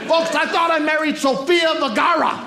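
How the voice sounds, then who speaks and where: A man's voice: very high-pitched, fairly even intonation, moderate pace. A man doing a stand-up comedy set, teasing the audience with punchy crowd work. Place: comedy club stage. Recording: roomy club with crowd noise. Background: audience laughter.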